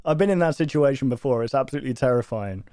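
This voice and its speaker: A man's voice: medium pitch, lively intonation, quick pace, mellow, clean tone, no room sound, clean studio sound, soft background music. A young man giving casual reaction commentary, laughing a lot and exclaiming. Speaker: YouTuber reacting to clips.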